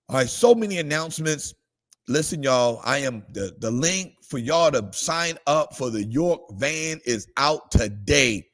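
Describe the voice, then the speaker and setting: A man preaching a morning devotional livestream, shifting between calm scripture reading and excited exclamations. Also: on the high side, a little slow. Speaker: pastor.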